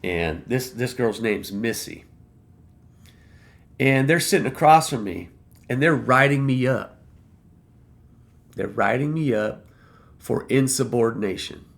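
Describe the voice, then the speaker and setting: A man with a gravelly, creaky edge to his voice tells a story from an old job as a casual rant. He is blunt and swears freely, and he circles back over the same phrases to hammer home his point. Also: mid-range voice, lively intonation, slow, pauses often. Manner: blunt, profane, repeats phrases for emphasis. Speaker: vlogger telling a work story.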